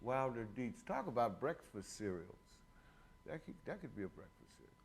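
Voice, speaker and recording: A man's voice: medium pitch, very animated, normal speed, gravelly, slight background noise. A man in his sixties hosting a casual show, rambling and joking with frequent laughs. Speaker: host. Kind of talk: casual chat.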